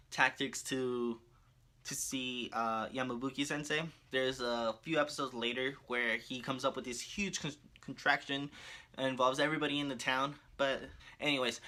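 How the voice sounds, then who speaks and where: A man casually recapping a cartoon story as a video creator, animated and laughing often. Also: mid-range voice.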